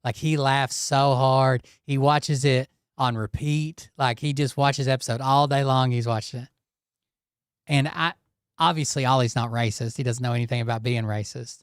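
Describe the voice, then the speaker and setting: A man's voice: medium pitch, fairly even intonation, moderate pace, no echo, clean studio sound. A man hosting a commentary show, talking casually in a blunt, profane and sarcastic manner. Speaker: commentary channel host.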